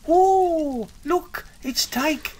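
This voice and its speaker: A man putting on a sweet, chatty lady's voice in a sugary falsetto. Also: very slow, darkish tone, slight background noise, heavily acted. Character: sweet chatty lady, the host's "sister".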